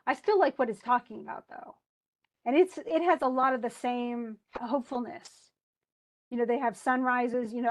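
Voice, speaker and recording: A woman's voice: a little high, normal speed. A middle-aged woman teaching a classroom lesson on poetry meter, chatty and thinking aloud as she corrects herself.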